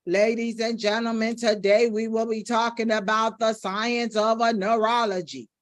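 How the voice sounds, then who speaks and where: A woman imitating a dull doctor who lectures in a flat monotone. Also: on the high side, normal speed, dry recording, close to an everyday voice. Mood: droning.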